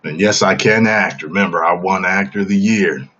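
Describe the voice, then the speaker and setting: A man's voice: sits low, moderate pace, fairly bright tone, highs cut off. A man hosting a casual livestream chat, talking emphatically and often checking in with the audience. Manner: emphatic, keeps asking "okay?". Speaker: livestream host.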